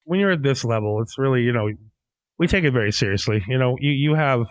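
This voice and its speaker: A man's voice: mid-range voice, lively intonation, fast talker, no echo. A middle-aged man from New England with a Boston accent, a chef talking earnestly in a casual podcast conversation, full of fillers and loose run-on thoughts. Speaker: chef and restaurant owner.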